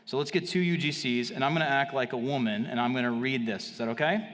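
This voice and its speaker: A marketing speaker pitches quickly and confidently to a live audience from the stage, in a salesy style. His slightly bright voice trails off with long reverb.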